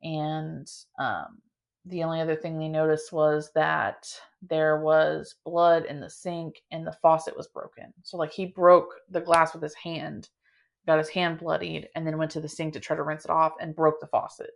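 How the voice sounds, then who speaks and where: Low-voiced woman telling a story dramatically. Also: moderate pace, vocal fry. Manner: dramatic, animated telling with many filler "like"s. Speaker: podcast host. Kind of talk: casual storytelling.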